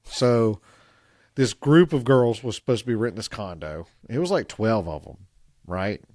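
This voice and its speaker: A middle-aged man co-hosting a podcast, telling stories in an animated way and getting louder when he quotes himself. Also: on the low side, normal speed, no echo, clean studio sound. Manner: animated, gets loud when quoting himself. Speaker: podcast co-host. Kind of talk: casual storytelling chat.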